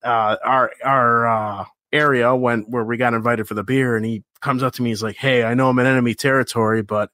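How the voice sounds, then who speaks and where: A man's voice: medium pitch, sharp tone, dry recording. Man, casual sports podcast co-host, rambling and swearing, dry close sound. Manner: rambling storyteller, acts out quoted voices, swears.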